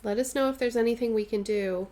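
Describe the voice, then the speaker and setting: A woman's voice: on the high side, quick pace, dark tone. A woman chatting casually on a live stream while she stitches, answering viewers' comments and playfully dramatizing her stories.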